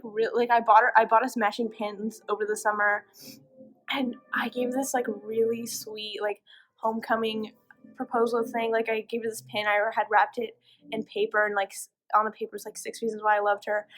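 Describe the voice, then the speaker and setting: A woman's voice: a little high, a bit bright, poor audio. A teenage girl telling a story in a casual way, with lots of fillers, acting out what people said. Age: teens. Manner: chatty, filler-heavy, acts out quoted lines. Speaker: interviewee.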